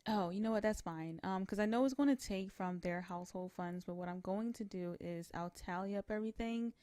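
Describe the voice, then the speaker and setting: A woman's voice: mid-range voice, brisk, mellow, dry recording, clean studio sound. Chatty young woman narrating gameplay. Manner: rambling, heavy on fillers like "you know, like". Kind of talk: casual let's-play narration.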